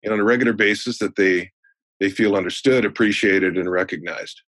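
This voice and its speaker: This sales trainer guest, a man in his sixties, spins folksy anecdotes in a conversational storytelling style and grows animated as he tells them. His pitch is fairly low and he talks a little fast, on a dry recording.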